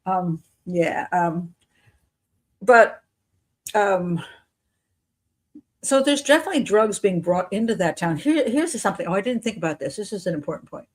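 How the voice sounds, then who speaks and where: A woman streaming live commentary, reasoning out loud in loose, unscripted talk. She questions claims with a skeptical edge, restarts her sentences, and breaks into frequent chuckles. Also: medium pitch, lively intonation, normal speed, pauses often. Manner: thinks aloud, restarts sentences, chuckles often. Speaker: criminal profiler hosting a live show.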